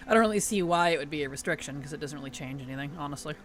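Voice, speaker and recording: A man's voice: a little high, racing, fairly bright tone, faint music behind. A man streaming a game, chatting casually, laughing often and greeting his chat as he plays. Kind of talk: casual gaming livestream chat.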